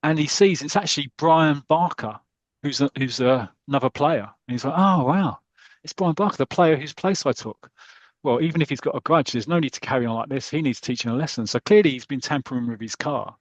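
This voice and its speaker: A man's voice: mid-range voice, quick pace, no room sound. Brief: British male podcast host, casual and chatty, stumbles and repeats, dry muffled lo-fi sound. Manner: chatty, repeating words, laughing easily. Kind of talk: casual chat.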